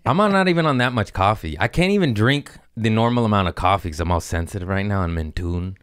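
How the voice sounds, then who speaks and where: A man's voice: fairly low pitch, expressive, quick pace, fairly bright tone, smooth, dry recording, studio quality. A man hosting a podcast, riffing in a jumpy, scatterbrained comic monologue and mocking himself as he loses his thread. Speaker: podcast host. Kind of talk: rambling comedic monologue.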